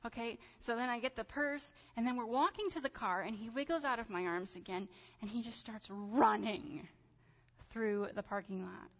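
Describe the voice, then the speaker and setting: A woman in her thirties telling a personal story in a sermon, animated and chatty with casual fillers. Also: on the high side, normal speed. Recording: dull sound with long hall reverb.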